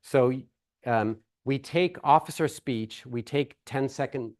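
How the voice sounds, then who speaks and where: A man's voice: mid-range voice, takes it slowly, a little mellow. A man giving a plenary lecture at a research workshop, speaking casually with many fillers and restarts. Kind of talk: academic conference talk. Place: lecture hall.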